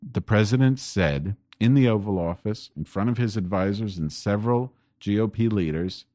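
Male host, very low voice, rambling profane political rant at his home desk. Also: animated, normal speed, warm tone, dry recording, clean studio sound. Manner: rambling, profane and increasingly angry. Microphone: desk microphone pointed at keyboard.

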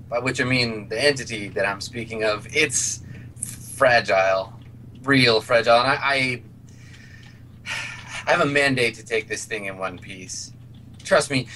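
A man voicing a calm, menacing male fixer in a tabletop game, speaking in a measured, quietly threatening way. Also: medium pitch, recorded from a distance, a little hiss or hum.

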